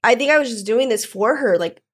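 A woman's voice: a little high, expressive, fairly quick, breathy edge. Candid rambling young woman telling a story. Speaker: guest telling her story. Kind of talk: casual podcast chat.

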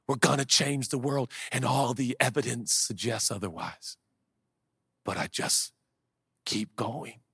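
A man in his forties preaching a sermon to a church crowd, animated and playful, swinging from hushed to loud. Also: mid-range voice, husky, no room sound, clean studio sound. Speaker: pastor. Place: large church auditorium.

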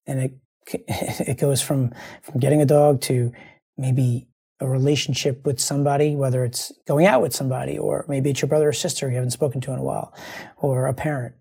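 Grieving man with a gravelly, husky voice. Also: mid-range voice, fairly even intonation, brisk, dark tone. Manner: earnest, rambling, repeats phrases. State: grieving, close to tears. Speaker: show host. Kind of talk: heartfelt monologue to listeners.

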